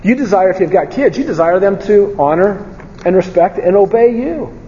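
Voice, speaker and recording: A man's voice: high voice, expressive, moderate pace, warm tone, a little hiss or hum. A man preaching a conversational sermon, telling candid stories from his own life and asking his listeners rhetorical questions. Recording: dull lo-fi sound with long hall reverb.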